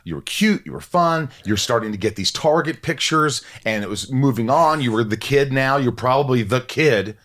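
A man's voice: mid-range voice, expressive, moderate pace, hardly any pauses, a bit bright. A man hosting a casual podcast interview, joking and teasing his guest. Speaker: podcast host.

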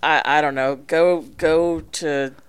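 Wry deadpan co-host, just chatting. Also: mid-range voice, slow, a crowd in the background. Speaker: podcast co-host. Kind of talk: casual chat.

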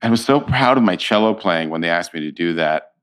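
A man in his fifties, an actor, chatting as an interview guest and telling animated stories. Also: low-pitched, fairly quick, clear, resonant tone. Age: 50s. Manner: animated storyteller, acts out quotes. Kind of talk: casual interview chat.

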